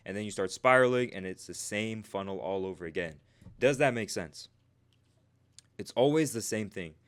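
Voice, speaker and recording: A man's voice: mid-range voice, fairly bright tone. A man talks to his stream audience as a trading coach, loose and conversational, with a mid-range voice. He tacks a questioning "right?" onto nearly every point and calls out viewers in the chat by name. It sounds like an informal live coaching session rather than a scripted lecture.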